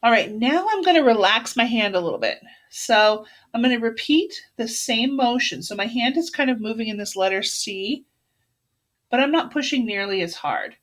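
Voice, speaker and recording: A woman's voice: fairly high pitch, lively intonation, moderate pace, a bit bright. Chatty woman teaching a drawing lesson. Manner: chatty, encouraging, self-narrating while drawing. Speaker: art teacher. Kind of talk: classroom demonstration lesson.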